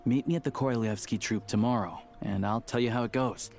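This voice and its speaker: An actor playing a composed, helpful adult man in game dialogue, calm and measured. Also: mid-range voice, gravelly, natural voice.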